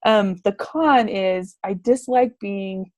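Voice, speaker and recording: A woman's voice: mid-range voice, slow, a little mellow, dry recording. A woman taking part in a group video call, speaking thoughtfully and a bit hesitantly, with fillers. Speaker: group participant.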